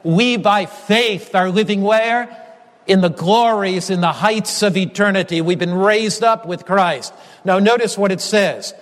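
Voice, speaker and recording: Male preacher, high voice, emphatic sermon delivery, long hall reverb. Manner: emphatic, repetitive phrasing, slows down on key lines.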